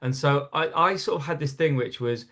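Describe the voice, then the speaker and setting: A man with a Geordie accent, a comedian guest telling stories in lively casual chat and laughing at his own tales. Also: fairly high pitch, fairly quick. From North East England.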